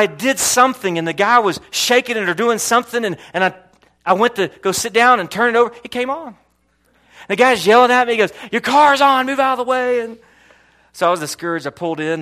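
A Florida pastor whose voice sits high preaches at a quick pace, telling a personal story with plenty of animation. He repeats words often and his volume moves from loud to hushed.

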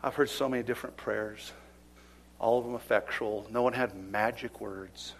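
A man preaching a fiery sermon in church, swinging between loud emphatic declarations and hushed whispers. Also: medium pitch, steady tone, moderate pace, vocal fry, slight background noise. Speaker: pastor. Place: church service.

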